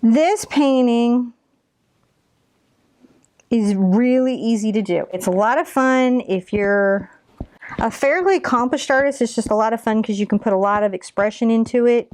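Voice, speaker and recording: A woman in her forties leads a live painting lesson, chatting encouragingly as she explains each brush stroke. Her voice is on the high side with a darkish tone, and she speaks at a moderate pace.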